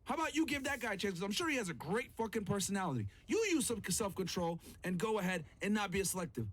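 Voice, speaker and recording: High-pitched man on a profane rant. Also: expressive, fast, a bit bright. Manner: heated, profane ranting; emphatic, repeats phrases. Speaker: podcast host. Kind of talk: reaction commentary.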